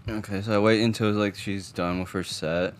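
A young man in relaxed casual chat, laid-back and thinking aloud. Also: lowish voice, normal speed. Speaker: friend in gym chat.

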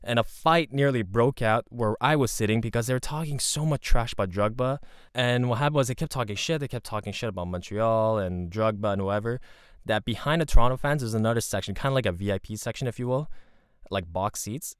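A man telling a rambling, profane story in a casual, animated way. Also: medium pitch, brisk, smooth, dry recording, studio quality.

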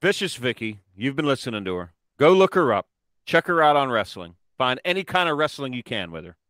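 A man's voice: medium pitch, sing-song, brisk, fairly bright tone, no room sound, clean studio sound. A man hosting a podcast, casual chat, joking and teasing his guest. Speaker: podcast host.

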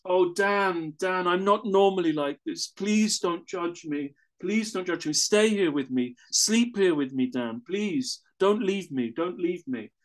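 A man's voice: high voice, a little slow, few pauses. A man voicing a drunk, pleading woman.

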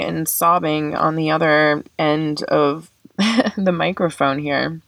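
A woman's voice: sits low, fairly even intonation, slow, creaky, fairly bright tone, no room sound. A young woman hosting a reflective solo podcast, speaking earnestly and emotionally, tearing up, with many fillers. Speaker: podcast host.

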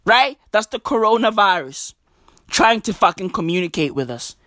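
A man doing a profane stand-up comedy rant, animated and drawn-out, jumping up into high squeaky voices. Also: no echo, clean studio sound. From South Africa.

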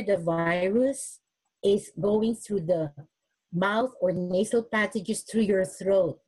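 A woman's voice: medium pitch, dark tone, husky, low-quality recording. A woman who is a nurse, speaking earnestly at a webinar and showing self-care techniques, often restarting her sentences. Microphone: webinar recording.

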